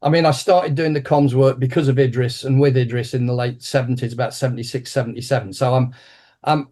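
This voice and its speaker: A man in his sixties, an interview guest and martial arts teacher, telling an anecdote with lively restarts. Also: mid-range voice. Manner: animated anecdotal storyteller with frequent restarts. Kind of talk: conversational interview storytelling.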